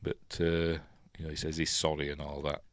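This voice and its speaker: Speaking with a completely flat delivery at a moderate pace, a deep-voiced Yorkshireman hosts a podcast and casually recaps a film. He rambles with ums and self-corrections, adding wry asides and soft laughs, recorded dry and close with no echo.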